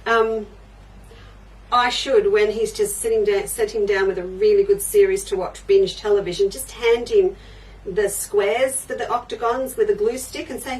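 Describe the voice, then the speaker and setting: An older woman chats her way through a live craft show, friendly and rambling as she answers viewers. She sits a little back from the microphone, so her voice sounds slightly distant. Her pitch sits in an ordinary middle range. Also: normal speed. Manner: chatty, reads out and answers viewer comments. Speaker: quilting show host.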